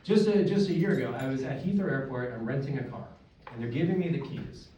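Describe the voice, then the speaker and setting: A man's voice: medium pitch, expressive, quick pace, dull audio. A young American man doing a stand-up set, with dry, self-deprecating punchlines and banter with the crowd. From United States. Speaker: stand-up comedian. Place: comedy club stage, live audience. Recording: echoey room, distant mic, loud noise.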